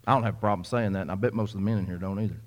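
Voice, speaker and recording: A man's voice: lowish voice, fairly even intonation, rapid-fire. Folksy preacher man. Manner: folksy storytelling, addressing the congregation with many repeats and asides. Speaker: pastor. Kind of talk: sermon.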